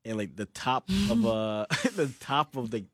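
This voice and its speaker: A man's voice: lowish voice, expressive, a little slow, a bit bright, no echo, clean studio sound. A young man in casual chat, telling a story with lots of fillers and laughs.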